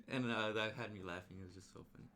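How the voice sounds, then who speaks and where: A man recapping a movie in a casual, excited way, full of slang and scene-by-scene sound effects. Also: fairly low pitch, fast, slight background noise. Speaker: movie reviewer.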